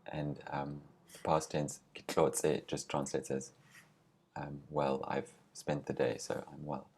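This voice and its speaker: A man teaching a language lesson, reading short example phrases and patiently explaining each word, slowing down on the key terms. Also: a bass voice, monotone, gravelly, a little mellow, slightly rough.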